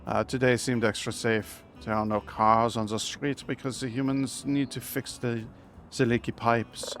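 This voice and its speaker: A man voicing a fussy, protective big-brother bird with a mock French accent and a soft, slightly effeminate delivery. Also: medium pitch, flat delivery, normal speed, faint music behind, natural voice.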